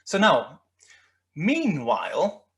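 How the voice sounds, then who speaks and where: The man's voice is on the high side and very slow, with wildly swooping pitch and a slightly bright quality. He's a guest lecturer on history using slides, rambling along with many restarts and fillers.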